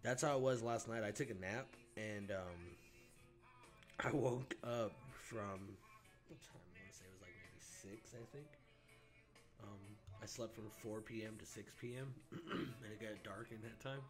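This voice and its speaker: A man with a fairly low voice chats loosely on a home live stream. He's high on cannabis, laid-back and rambling, dropping curse words and clearing his throat as he goes. Faint music plays in the background. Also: measured pace. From United States. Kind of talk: casual live-stream chat.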